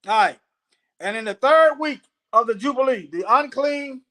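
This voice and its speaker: A man leading a live scripture study, reading verses aloud slowly and breaking off for casual, plain-spoken commentary. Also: very high voice, animated, sharp tone. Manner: slow, deliberate reading broken by casual asides. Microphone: phone.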